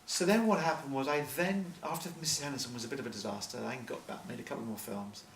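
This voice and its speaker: A man's voice: mid-range voice, fast talker. A man, a film producer, telling rambling, self-deprecating stories with lots of restarts in an interview before an audience. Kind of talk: storytelling interview answers. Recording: echoey hall, distant mic, faint noise.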